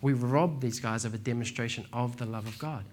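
A man preaching a sermon in a relaxed, slangy way, telling stories and calling listeners "man" and "bro". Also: medium pitch, fairly quick. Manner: laid-back, slangy, says "man" and "bro". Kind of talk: casual sermon with storytelling.

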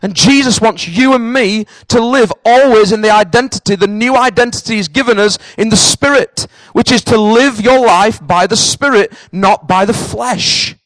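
A man's voice: high voice, moderate pace, hardly any pauses, a bit bright, dry recording, rough recording. Northern English man preaching a sermon. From northern England. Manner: earnest, repetitive, direct address to congregation. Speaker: pastor. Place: church in Cambridge.

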